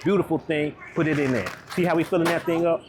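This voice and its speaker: In a chatty vlog, a wellness coach talks through his grocery shopping aisle by aisle, cheerfully prompting the viewer with "right?" His voice runs fairly high and steady in tone, set against a noisy background.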